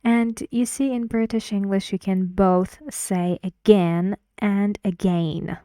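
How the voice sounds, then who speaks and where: A woman teaching English pronunciation, slowly repeating words clearly for learners. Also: mid-range voice, steady tone, warm tone, dry recording, studio quality. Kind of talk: slow pronunciation lesson with drills.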